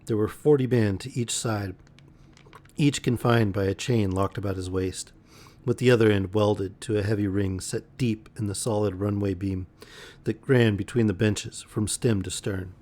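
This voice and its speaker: A man reading a pulp fantasy novel aloud as a bedtime story, measured with occasional slips. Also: on the low side, fairly even intonation, darkish tone.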